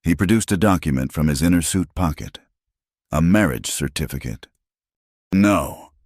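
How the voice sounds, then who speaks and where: Extremely deep male audiobook narrator. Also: animated, brisk, a little mellow, slightly rough, dry recording, clean studio sound. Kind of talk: scripted first-person narration.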